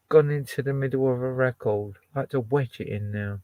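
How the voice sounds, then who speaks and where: A man's voice: mid-range voice, normal speed, few pauses, warm tone, dry recording. Chatty, swearing man in his 60s. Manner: chatty, swears, jokes at himself. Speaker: home DJ playing vinyl records. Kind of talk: casual chat.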